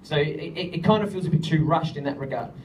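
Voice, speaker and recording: High-voiced man teaching songwriting, singing examples. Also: fast, darkish tone, a little hiss or hum. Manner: joking, often sings lines to demonstrate. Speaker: music director teaching songwriting. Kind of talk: workshop teaching with sung examples. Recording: far from the mic with faint ambience.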